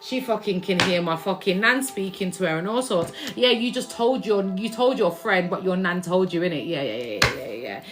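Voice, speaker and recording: A young woman giving a spiritual card reading to viewers, chatty and slangy, swinging between loud bursts and hushed asides. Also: mid-range voice, moderate pace, few pauses. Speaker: tarot reader.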